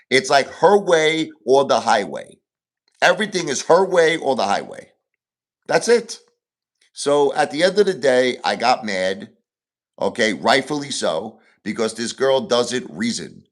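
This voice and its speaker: A livestream host in full rant, repeating himself as he vents his grievances. His voice swings widely in pitch, rising and dropping as he presses each point. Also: big pitch swings, measured pace. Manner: agitated, repetitive, venting grievances.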